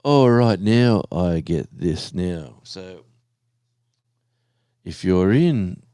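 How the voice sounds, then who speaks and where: A man's voice: low voice, animated, extremely slow, warm tone, clear, resonant tone, no room sound, studio quality. An Australian man chatting casually and rambling on a live stream, talking to his viewers in an easygoing way.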